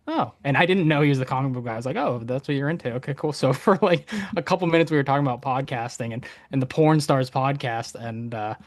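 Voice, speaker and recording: A man's voice: mid-range voice, fast talker, hardly any pauses. A man co-hosting a casual podcast, telling an anecdote in a self-amused way. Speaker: podcast co-host. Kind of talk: casual chat.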